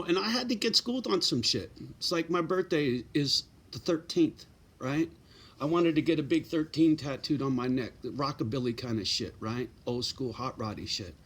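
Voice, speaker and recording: A man's voice: mid-range voice, fairly bright tone. A middle-aged man giving blunt, profane advice in a casual straight-talking monologue, often tagging lines with "right?" and "you know".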